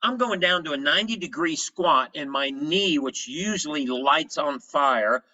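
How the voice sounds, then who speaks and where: A man giving an energetic health presentation, telling his story in short punchy phrases. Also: a little high, unhurried, lo-fi sound.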